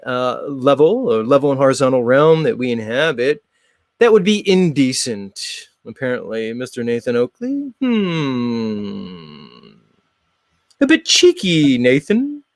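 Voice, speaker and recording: A man hosting his show in a sarcastic, mock-formal monologue, jumping between loud jabs and muttered asides. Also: mid-range voice, no echo, clean studio sound. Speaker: show host. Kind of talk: sarcastic monologue reacting to a clip.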